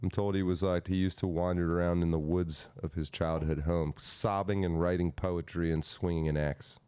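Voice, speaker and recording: Man, lowish voice, sarcastic podcast host, casual banter. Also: steady tone, moderate pace, darkish tone, clean tone. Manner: mocking, sarcastic asides. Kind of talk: casual chat, reading a proclamation aloud.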